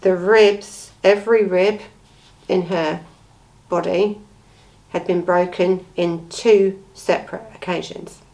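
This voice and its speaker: A woman's voice: lowish voice, steady tone, slow pace, warm tone, low-quality recording. A woman giving blunt, indignant true-crime commentary, full of rhetorical questions. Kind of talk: impassioned commentary on a case.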